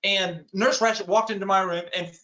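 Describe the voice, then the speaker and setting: A man's voice: sits high, steady tone, normal speed, bright, forceful tone, roomy sound, muffled recording. A man giving a keynote talk, telling a humorous story with self-deprecating asides to his audience. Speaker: keynote speaker.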